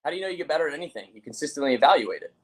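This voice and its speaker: Podcast host, man, coach type: rapid delivery, direct questions, casual swearing. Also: a little high, lively intonation. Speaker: mental health coach, host.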